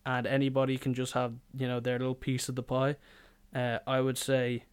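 Young man, podcast host, smooth resonant voice, rambling and jokey, swears freely. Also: medium pitch, completely flat delivery, normal speed. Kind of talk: casual podcast monologue.

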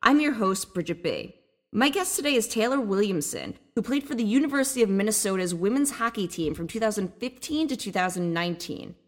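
A woman's voice: medium pitch, lively intonation, brisk. A woman hosting a podcast interview, upbeat, moving from a scripted intro into easy chat. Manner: upbeat, reads scripted intros then chats. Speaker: podcast host.

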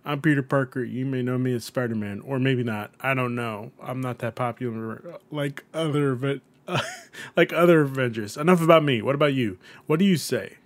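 A man's voice: mid-range voice, moderate pace, no echo, natural voice. A man reading the lines of a shy, rambling teenage boy hero in a nervous, self-deprecating way.

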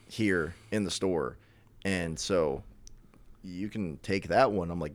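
A man's voice: deep voice, moderate pace, dry recording. A man co-hosting a podcast, telling a long story in casual chat with lots of fillers and restarts. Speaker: podcast co-host.

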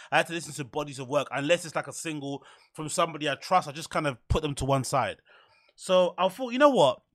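Guy hosting his own podcast, fast frantic rambling, high pitched, dry mic. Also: a bit bright, no room sound. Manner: rambling, frantic, talks without pausing for breath. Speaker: podcast host. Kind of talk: solo podcast monologue.

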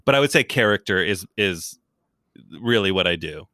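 A man's voice: sits low, animated, moderate pace, pushed and bright, no room sound, studio quality. A man from New York, in his thirties, chatting casually as a podcast guest, rambling with many restarts and frequent laughter. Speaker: guest, comedian.

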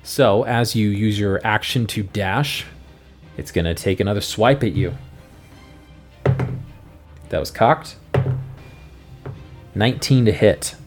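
A man hosting a podcast as game master, narrating a tabletop fantasy game in a measured, descriptive way. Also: on the low side, music in the background.

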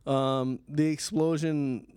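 A man co-hosting a podcast, chatting casually and filling pauses with many ums and uhs. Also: on the high side, fairly even intonation, darkish tone, clean tone, no room sound, clean studio sound. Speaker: podcast co-host. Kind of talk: casual chat.

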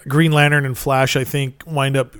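A man's voice: medium pitch, little pitch movement, normal speed, fairly bright tone, clean tone, no room sound. A man telling stories in casual chat, rambling and enthusiastic with plenty of fillers.

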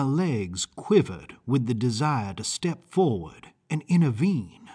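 Man, audiobook narrator, husky voice, slow deliberate storytelling. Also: mid-range voice, very animated, dark tone. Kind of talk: first-person audiobook narration.

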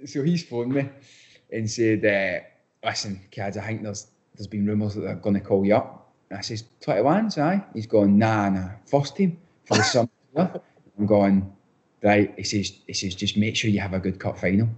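A man's voice: fairly low pitch, moderate pace, a little mellow, dull audio. A young Scottish man, a footballer being interviewed, chatting casually with lots of restarts and repeated words. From Scotland. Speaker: footballer guest.

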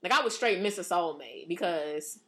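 A young woman co-hosting a podcast in casual chat, slangy and animated, acting out the reactions she would have. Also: fairly low pitch, normal speed. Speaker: podcast co-host.

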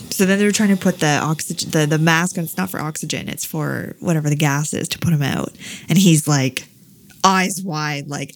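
A woman in her thirties, a mother telling a story in casual chat, animated and acting out the quotes. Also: sits low, moderate pace. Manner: animated, laughing, acts out quotes.

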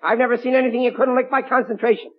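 An actor playing a fussy, blustering working-class father who nags and lectures his family in a husky voice, in 1940s radio sitcom style. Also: extremely high pitch, steady tone, rapid-fire. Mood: exasperated. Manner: bossy, nagging, exasperated. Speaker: father of the household. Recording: tinny old radio broadcast.

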